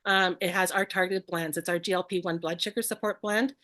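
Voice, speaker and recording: A woman's voice: lowish voice, fairly even intonation, brisk, bright, forceful tone. A woman co-presenting an online class over a video call, bubbly and tripping over ingredient names.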